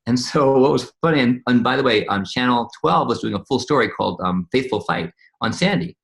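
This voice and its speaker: A man's voice: medium pitch, lively intonation, fairly quick, vocal fry. A man being interviewed as a medical scientist, telling stories in a rambling, conversational way with many restarts and repeated words.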